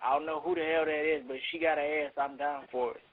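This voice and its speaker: A man's voice: fairly high pitch, fairly even intonation, fast talker, a crowd in the background. A man in crude, joking casual podcast banter. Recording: tinny phone-like lo-fi audio.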